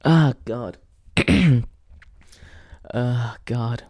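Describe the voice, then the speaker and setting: A man's voice: medium pitch, drawn-out words, a little mellow, no echo, clean studio sound. A young English man hosting a podcast, talking in a crude, rambling comic monologue and laughing at his own jokes. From England. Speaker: podcast host. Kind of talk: casual comedic monologue.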